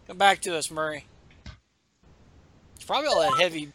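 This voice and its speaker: A man's voice: a little high, expressive, moderate pace, bright, forceful tone. A man hosting a podcast, recapping a comic book in casual chat with rambling asides and many fillers. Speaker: podcast host.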